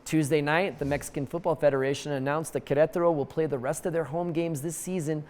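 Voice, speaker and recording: A man presenting a comedic news show, pitched a little higher than most men. He reads the news plainly and drops in wry, joking asides. His voice trails off into a long reverb. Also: steady tone, darkish tone. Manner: wry, jokey asides with quick put-on voices.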